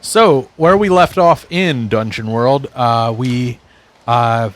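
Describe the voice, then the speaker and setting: A man recapping the last tabletop game session, halting with many fillers. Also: mid-range voice, fairly bright tone, no room sound. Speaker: player.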